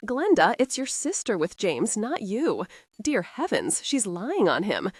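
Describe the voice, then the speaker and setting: A woman voicing a fussy middle-aged mother who scolds loudly, in an audiobook. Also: mid-range voice, huge pitch swings, unhurried, slightly rough, dry recording, studio quality, exaggerated voice. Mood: scolding.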